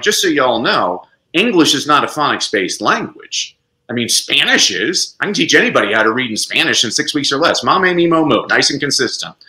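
An expressive man talking as an interview guest. His voice swoops widely up and down, with a bright edge. The room around him rings with echo. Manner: lively, expressive, sweeps into high pitch for emphasis. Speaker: podcast guest, educator. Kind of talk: animated interview talk.

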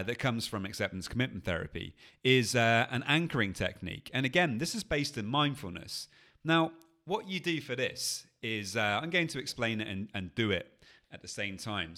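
A man with a fairly low voice talks listeners through a coping technique. His delivery is calm and patient, unhurried and explanatory, like a coach on his own podcast. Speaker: anxiety coach. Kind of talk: podcast teaching.

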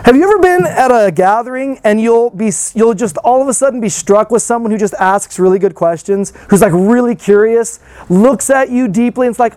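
High-voiced conversational male preacher. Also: animated, brisk, hardly any pauses, darkish tone. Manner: conversational, many rhetorical questions and fillers. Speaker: pastor. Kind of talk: sermon.

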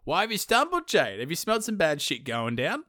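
A man voicing an impatient, blustering villain sorcerer, loud and pushy. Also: fairly high pitch, wildly swooping pitch, a little fast, dry recording, studio quality, pitched above the performer's own voice, full character voice.

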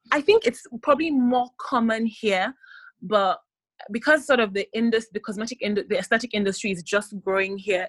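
A woman's voice: fairly high pitch, a bit bright, no echo, low-quality recording. A woman who runs an aesthetic clinic, answering interview questions thoughtfully with frequent fillers and restarts. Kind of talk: interview answer, casual explanation. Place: clinic in an African country.

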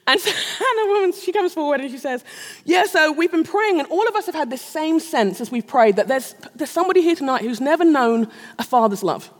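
A woman's voice: high-pitched, lively intonation, fairly quick. A middle-aged woman preaching a sermon, telling a personal story with self-mocking humor and frequent laughter. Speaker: speaker at a Christian gathering. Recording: long reverb of a large hall.

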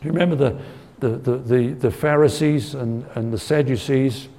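A man's voice: mid-range voice, moderate pace, mellow. A man teaching a conversational Bible-study sermon. He talks earnestly, asks his listeners for agreement and repeats words as he thinks. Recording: long hall reverb.

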